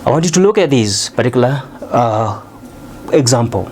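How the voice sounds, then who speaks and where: A man teaching a recorded English lesson. He explains step by step, often pausing on "uh" and checking in with "okay?". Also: mid-range voice, lively intonation, darkish tone, slight background noise.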